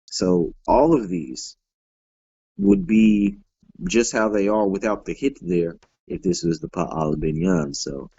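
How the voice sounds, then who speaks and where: Deep gravelly man teaching a class. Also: big pitch swings, slow, warm tone, no room sound, lo-fi sound. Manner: explanatory, frequent fillers and self-corrections. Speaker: Hebrew teacher. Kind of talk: classroom grammar lesson.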